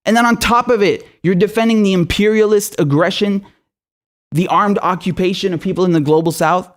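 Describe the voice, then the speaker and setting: A man's voice: high voice, fairly quick. A man who is a political commentator, delivering an angry and profane rant full of rhetorical questions. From Syria.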